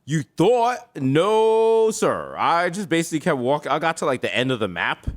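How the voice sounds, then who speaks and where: New york man, podcast co-host, lively swooping pitch, animated comic storytelling. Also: quick pace. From the Bronx, New York. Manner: animated, swings into put-on voices for bits. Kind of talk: casual comedic storytelling.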